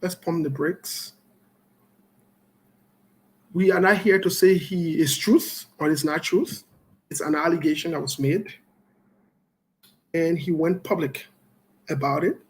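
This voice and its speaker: The recording quality is low, and the male host's pitch sits a little high. Slow and deliberate, he greets his callers by name one after another, adds a few jokes, and then launches into political commentary.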